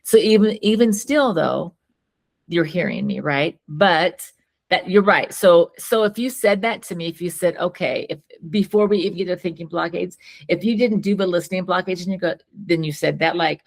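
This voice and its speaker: Low, gravelly-voiced woman talking animatedly. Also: moderate pace. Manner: animated, acts out quoted lines, laughs often. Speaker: co-host of a couples talk show. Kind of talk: casual conversation walking through a worksheet.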